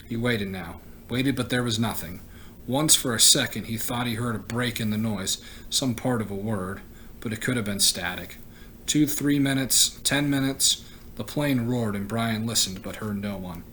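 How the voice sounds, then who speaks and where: A man, a teacher, reading a novel aloud in a steady voice, with the odd stumble and self-correction. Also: fairly low pitch, moderate pace, slight background noise, low-quality recording.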